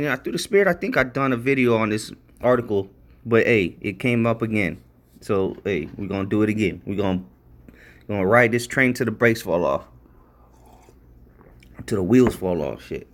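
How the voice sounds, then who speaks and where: A man giving a casual, rambling Bible study commentary, repeating himself, often checking in with "all right?", and growing emphatic as he reads out word definitions. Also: mid-range voice. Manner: grows emphatic and excited while reading out definitions. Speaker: religious video commentator.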